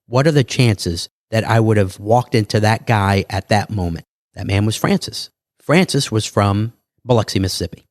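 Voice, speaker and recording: A man, a guest on a podcast, telling his life story in a lively way and acting out other people's lines. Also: lowish voice, dry recording, studio quality. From New York. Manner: animated, quick storytelling with acted quotes.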